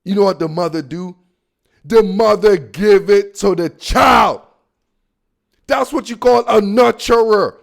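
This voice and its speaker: A man hosting a sports podcast, ranting in animated, slangy talk and calling listeners "dog". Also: very high-pitched, vocal fry. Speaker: podcast host.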